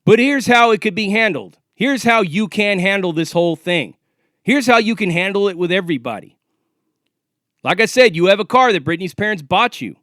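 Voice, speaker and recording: A vlogger in his forties rants straight to camera, taunting and calling out a rival in a combative, profanity-heavy monologue. His voice is high for a man, fairly bright and brisk with lively intonation, recorded dry and close with no echo or room sound.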